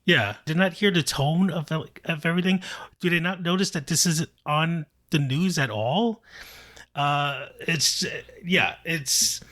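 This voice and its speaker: A man co-hosting a casual podcast chat, telling a story in a relaxed, loose way. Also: fairly high pitch, measured pace. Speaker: podcast co-host.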